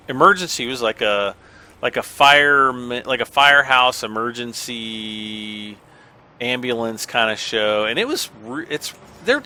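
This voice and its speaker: A man's voice: mid-range voice, sharp tone. A middle-aged American man giving casual, rambling gameplay commentary, self-deprecating and chuckling often. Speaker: gaming channel host.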